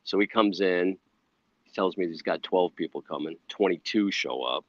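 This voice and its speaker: Deep-voiced man rambling through a story. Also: normal speed, no room sound, lo-fi sound. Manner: rambling, animated, full of "you know" asides. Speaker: guest telling his recovery story. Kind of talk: casual storytelling interview.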